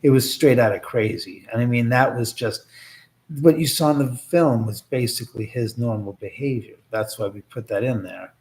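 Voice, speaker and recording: A man chats loosely on a livestream, telling stories and breaking off to banter with his viewers. He keeps restarting his sentences and wanders from point to point. His voice sits at an ordinary middle pitch for a man. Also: moderate pace, a little mellow. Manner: rambling, jokey asides to chat, many restarts. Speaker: livestream host and filmmaker. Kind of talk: casual livestream chat.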